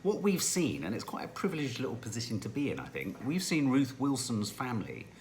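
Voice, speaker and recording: Animated man co-hosting a review chat. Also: medium pitch, fairly quick. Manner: animated, enthusiastic, rambling. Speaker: TV review podcast co-host. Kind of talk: casual chat.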